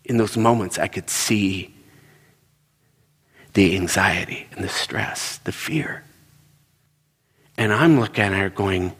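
In a large hall, a husky, low-pitched pastor of middle age speaks slowly and pauses often. His sermon is built from personal stories, and he acts out each quote with animated energy.

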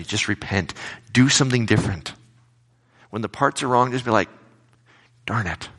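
A male pastor giving a casual, conversational sermon, telling everyday anecdotes with animated retellings. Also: fairly low pitch.

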